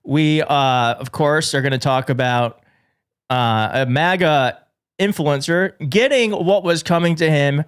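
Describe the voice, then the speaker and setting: A man hosting a live political commentary show, excitable and jokey, often restarting his sentences. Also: fairly high pitch, measured pace, clear, resonant tone. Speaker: show host. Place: studio in a big city.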